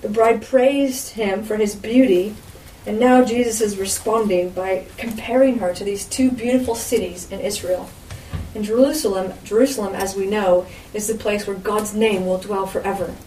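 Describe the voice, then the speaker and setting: Lady teaching bible stuff, chatty, lots of "you know", mellow voice, far from the mic. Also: mid-range voice, steady tone, moderate pace. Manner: conversational, frequent "you know" asides. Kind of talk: informal sermon. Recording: roomy echo, distant mic, faint background noise.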